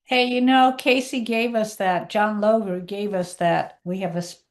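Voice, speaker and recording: A woman's voice: medium pitch, steady tone, moderate pace. A woman on a video call chatting eagerly and searching for words. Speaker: participant. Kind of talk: casual chat on a video call.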